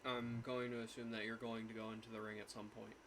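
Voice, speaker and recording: A man running a tabletop game as game master, narrating in a relaxed way with many fillers. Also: on the low side, fast. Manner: apologetic, easygoing narration with fillers. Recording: loud background noise.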